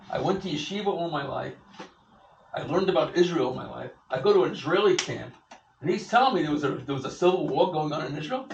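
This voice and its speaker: A man's voice: on the high side, normal speed, vocal fry, slight background noise. Older man telling a story in an echoey hall. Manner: animated storyteller, acts out quoted voices. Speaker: event speaker. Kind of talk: storytelling speech to an audience. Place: event hall. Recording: echoey room, far from the mic, dull sound, faint ambience.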